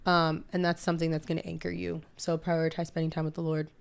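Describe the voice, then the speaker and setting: A woman's voice: low-pitched, level tone, fast talker, gravelly, clean tone. A woman, a mother, giving earnest, encouraging advice in a casual chat. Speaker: guest mother.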